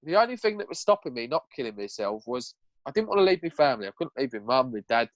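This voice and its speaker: A man's voice: mid-range voice, sing-song, fast talker, no echo, lo-fi sound. Earnest young man, dry close sound. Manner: raw, earnest, swears freely. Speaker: podcast guest. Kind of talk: candid personal storytelling.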